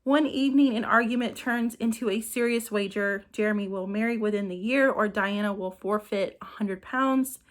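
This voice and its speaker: A woman's voice: medium pitch, normal speed, hardly any pauses. A woman reading out short book summaries for her channel, evenly, with small slips and restarts. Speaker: book reviewer. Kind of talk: reading book blurbs to camera.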